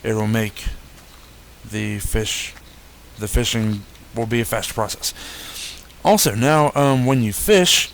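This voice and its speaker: A young gaming YouTuber walks through a casual game update in a laid-back way, often pausing with fillers and correcting himself. His pitch is ordinary, and a faint hum runs in the background.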